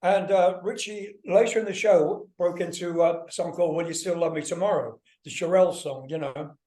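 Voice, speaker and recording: Older man telling stories with animated energy. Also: high-pitched, brisk. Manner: animated, swears freely, acts out voices in anecdotes. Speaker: guest musician. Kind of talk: casual storytelling interview.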